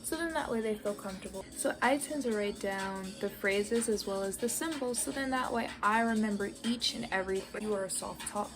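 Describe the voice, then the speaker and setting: A woman with an American accent chats in a casual vlog, earnest and upbeat as she gives learning tips. Her voice sits in a middle register. Music plays clearly behind her. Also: medium pitch, a little fast, few pauses. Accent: American English. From United States. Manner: earnest, encouraging, chatty. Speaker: vlogger. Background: background music.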